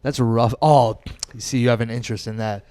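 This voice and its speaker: A young man with a Long Island accent, a podcast guest trading fast, brash, laughing banter. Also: mid-range voice, steady tone, dark tone, no echo. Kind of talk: casual chat.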